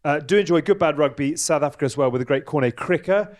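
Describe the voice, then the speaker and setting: A man hosting a live podcast show, brisk and upbeat as he presents. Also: on the high side, a little mellow.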